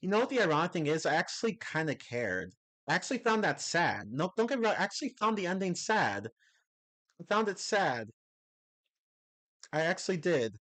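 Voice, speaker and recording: A man's voice: high voice, very animated, a little fast, fairly bright tone. A man ranting casually on a livestream, rambling with many restarts and laughing as he talks. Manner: rambling, restarts often, laughs into his words. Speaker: streamer.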